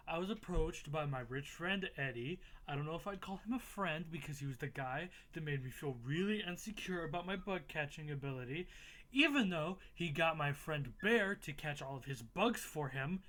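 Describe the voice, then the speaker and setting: A man's voice: a little high, animated, normal speed, a bit bright. A young man casually recapping a game playthrough, swearing freely and laughing at himself. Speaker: gaming YouTuber.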